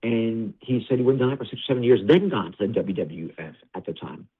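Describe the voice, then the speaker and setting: A man who works as a wrestling producer, telling stories fast and animatedly in a casual interview, stumbling over restarts. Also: mid-range voice, lively intonation, husky. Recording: phone-line audio.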